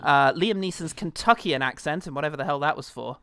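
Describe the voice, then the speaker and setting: A man's voice: fairly high pitch, fairly quick, fairly bright tone, clear, resonant tone, no room sound, studio quality. A man co-hosting a comedy podcast, riffing in casual chat with mock indignation. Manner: joking, mock-indignant riffs. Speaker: podcast co-host.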